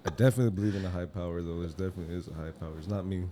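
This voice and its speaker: A quiet, soft-spoken man, a barber chatting hesitantly as a guest in a podcast studio. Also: deep voice, steady tone, racing, noisy background. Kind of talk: casual interview chat.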